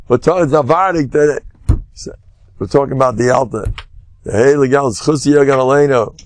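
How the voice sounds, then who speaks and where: Older man, rabbi, Torah lecture, humorous storyteller, gravelly voice, dry close sound. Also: mid-range voice, moderate pace, dry recording. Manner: animated, humorous storyteller who loudly acts out quotes.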